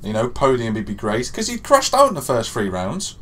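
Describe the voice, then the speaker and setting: Animated young man telling a story. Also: mid-range voice, fairly quick. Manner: animated storytelling, swings from hushed to shouting. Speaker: podcast co-host. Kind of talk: excited casual chat.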